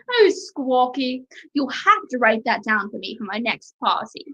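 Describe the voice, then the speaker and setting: A woman playing a prim, pompous gentleman detective. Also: a little high, lo-fi sound, exaggerated voice. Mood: amused. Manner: prim, posh-sounding phrasing. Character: fussy, pompous male detective, prim and polite. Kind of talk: student stage play.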